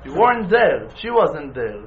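A man giving an informal spiritual lesson in an animated way, repeating phrases for emphasis and restarting words mid-phrase. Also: on the high side, unhurried, muffled recording, crowd noise. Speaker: religious teacher.

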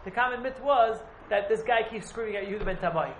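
Man, Talmud teacher, rapid rambling delivery, repeats himself, roomy echo. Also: high voice, a bit bright, slight background noise. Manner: rambling, repeats and hedges often. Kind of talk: casual Talmud class. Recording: echoey room.

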